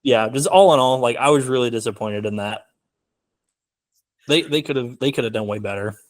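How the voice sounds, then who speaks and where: A man's voice: medium pitch, brisk. A young man talking casually as a film guest in an interview, rambling with many fillers. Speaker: filmmaker guest.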